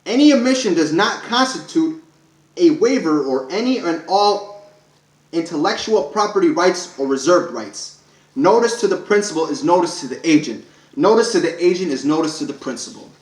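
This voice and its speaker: Man reading a declaration aloud, firm and emphatic, a touch high-pitched, roomy echo. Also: animated, moderate pace. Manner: emphatic, listing clauses one by one with stumbles. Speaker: self-declared speaker reading a public proclamation. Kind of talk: read-aloud declaration to camera.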